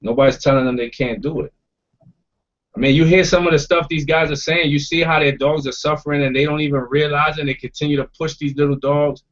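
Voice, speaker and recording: A man's voice: fairly high pitch, fairly even intonation, quick pace. Blunt, swearing man on dull audio. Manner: blunt, emphatic, swears freely. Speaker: podcast host. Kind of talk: casual roundtable talk.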